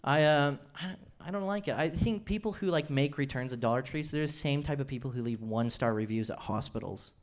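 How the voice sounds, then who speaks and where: A man's voice: mid-range voice, brisk, few pauses, slight background noise. A man in his twenties doing a rambling, self-deprecating stand-up routine on a comedy club stage. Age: 20s.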